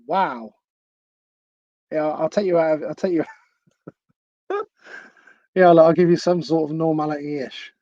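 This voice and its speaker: A man's voice: a little high, dark tone, no echo, highs cut off. Guy rambling on a live stream, laughs at himself a lot, dry close sound. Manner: chatty, laughs often, self-deprecating. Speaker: livestream host. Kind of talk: casual live-stream chat.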